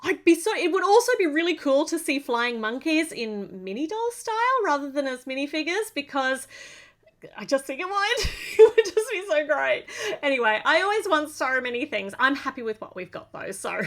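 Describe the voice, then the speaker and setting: An Australian woman talks through a LEGO build in a casual, chatty tone. Her voice sits a bit high and swings widely up and down as she gushes with delight over each detail. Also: very animated, normal speed. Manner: gushing, enthusiastic, chatty.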